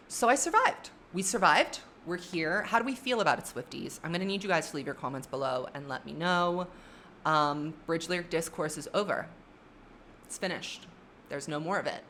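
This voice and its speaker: A woman giving casual, gushing reaction commentary on songs, excitable and swearing freely. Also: on the low side, slight background noise. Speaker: music reaction YouTuber.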